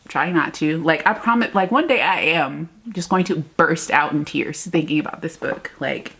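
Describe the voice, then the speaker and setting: A woman talks casually to her viewers in a reading vlog, rambling and exasperated and laughing often. Her speech is slow and unhurried, and her voice is fairly low with a gravelly fry. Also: a bit bright. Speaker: book vlogger.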